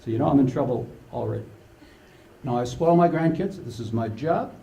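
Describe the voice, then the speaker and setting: An older man giving a humorous keynote to a conference audience, an animated storyteller who acts out the dialogue. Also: mid-range voice, a little fast, vocal fry, a little hiss or hum. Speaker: conference speaker. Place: large conference hall with live audience. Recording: echoey conference hall.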